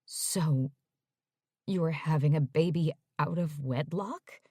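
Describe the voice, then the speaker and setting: A woman's voice: on the low side, animated, a little slow, no echo, studio quality. A woman voicing an older mother who gushes and chatters on, talking over everyone, read in an audiobook. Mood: hushed. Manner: effusive, talks over others.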